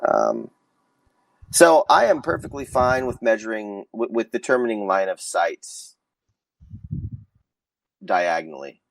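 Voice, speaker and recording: A man's voice: fairly low pitch, sing-song, measured pace, creaky, pauses often, no room sound, low-quality recording. A man hosting a casual wargaming podcast, talking in a sarcastic, facetious way. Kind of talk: casual tabletop wargame chat.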